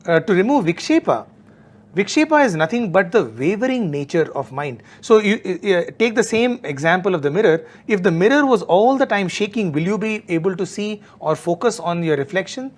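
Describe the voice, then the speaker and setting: A man's voice: high voice, lively intonation, a little fast. A man in a devotional discussion, explaining spiritual terms step by step. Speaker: devotional talk speaker.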